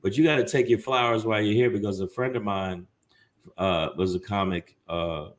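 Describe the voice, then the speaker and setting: A man's voice: lowish voice, normal speed. A man, a comedian guest, talking casually in an interview and joking, sometimes slipping into mock voices.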